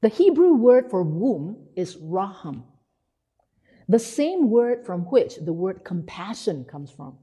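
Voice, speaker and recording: A woman's voice: mid-range voice, slow, slightly rough. A woman preacher giving a sermon, telling stories and acting out the people she quotes. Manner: animated storytelling, acting out quotes. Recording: hall reverb.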